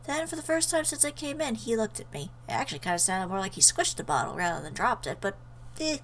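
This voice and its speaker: A woman's voice: mid-range voice, expressive, fast, fairly bright tone, slight background noise, low-quality recording. A woman reading a visual novel aloud in an earnest way, breaking off for emotional asides. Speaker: let's player.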